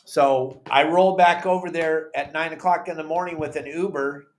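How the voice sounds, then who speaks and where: A man's voice: fairly high pitch, normal speed. A man with a Southern Californian accent, casually telling a long story on a podcast and acting out what others said. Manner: animated, acts out quotes of others.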